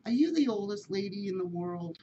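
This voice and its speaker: A woman's voice: medium pitch, expressive, a little fast, warm tone, highs cut off, slight background noise, close to an everyday voice. A woman voicing a small injured kitten who asks plain, childlike questions. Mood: innocent.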